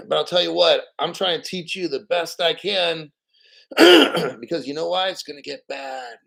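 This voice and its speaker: A hoarse man hosting a livestream, talking in a blunt, profane, rambling way and clearing his throat often. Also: fairly high pitch, normal speed, bright, forceful tone, poor audio. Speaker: livestream host. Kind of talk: casual livestream talk.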